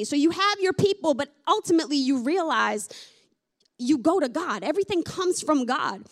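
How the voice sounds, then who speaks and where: A woman's voice: high-pitched, lively intonation, moderate pace. A woman preaching a sermon in a candid, conversational way. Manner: conversational, candid, with many fillers like "like". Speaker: pastor.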